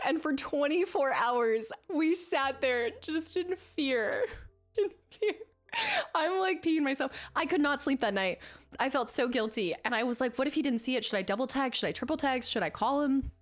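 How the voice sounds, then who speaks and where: A young woman streamer chatting casually, telling a long story with lots of laughter. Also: on the high side. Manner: animated storytelling, frequent laughter. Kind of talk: casual chat.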